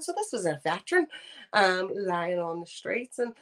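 Middle-aged Belfast woman, interview guest; lowish, earnest, halting delivery with frequent fillers. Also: very animated, a bit bright. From Northern Ireland. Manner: earnest, hesitant, many ums and restarts. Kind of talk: remote interview.

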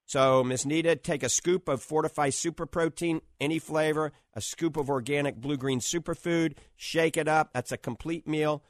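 A man with a New Orleans accent hosting a call-in radio advice show as a doctor, giving brisk, salesy instructions to callers. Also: a little high, steady tone, no echo, clean studio sound.

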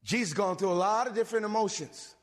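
A man preaching a sermon, animated, swinging between loud bursts and low asides. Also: fast talker. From suburbs. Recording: long reverb of a hall.

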